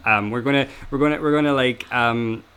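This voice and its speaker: A man's voice: medium pitch, a little fast, fairly bright tone, clean tone. A man hosting a casual analytical chat, hesitant, with many fillers and restarts. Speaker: podcast host.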